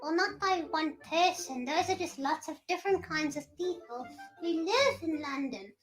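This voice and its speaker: A woman's voice: very high voice, lively intonation, normal speed, faint music behind. Rosie, a woman doing a sulky little puppet girl. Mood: exasperated. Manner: sulky, bossy and contrary. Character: grumpy little girl puppet with yellow hair. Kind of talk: children's puppet show.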